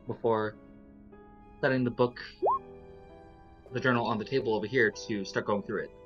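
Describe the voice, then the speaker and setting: A man's voice: lowish voice, highs cut off. A man playing a tabletop game, hesitantly describing his character's actions. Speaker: player. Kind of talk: tabletop role-play chat.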